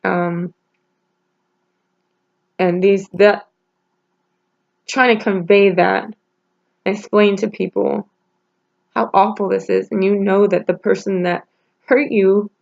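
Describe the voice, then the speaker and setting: A woman talking haltingly in a personal vlog, holding back tears, with many pauses and restarts. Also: medium pitch, steady tone, vocal fry, darkish tone, muffled recording. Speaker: vlogger.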